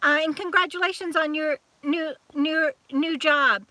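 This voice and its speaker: A woman's voice: sits high, fairly even intonation, unhurried, sharp tone, no room sound. A woman with a Southern US accent hosting a live-stream chat, talking in a chatty, scattered way as she greets viewers one by one. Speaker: YouTube channel host.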